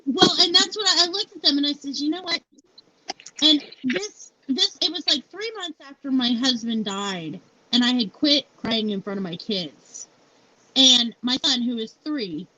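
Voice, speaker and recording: A woman's voice: high-pitched, pushed and bright. A woman in her forties telling a personal story in a live interview, frank and blunt, swearing freely and saying "you know" a lot. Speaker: founder and CEO, interview guest. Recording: muffled lo-fi live stream audio.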